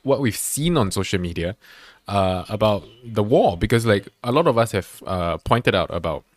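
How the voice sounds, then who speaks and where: A man from Singapore co-hosting a comedy podcast, giving his opinions in relaxed chat and laughing often. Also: lowish voice, normal speed, no room sound. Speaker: podcast co-host. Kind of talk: casual chat.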